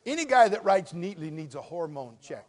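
An older man preaching a folksy sermon as pastor, swinging between quiet asides and loud emphatic lines. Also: on the high side, very animated, normal speed. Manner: folksy, jokey, addresses crowd as brother.

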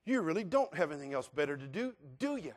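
A man's voice: fairly high pitch, big pitch swings, fast. A preacher doing a sneering rude man. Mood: dismissive. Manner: sneering, dismissive. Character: rude dismissive man walking his dog.

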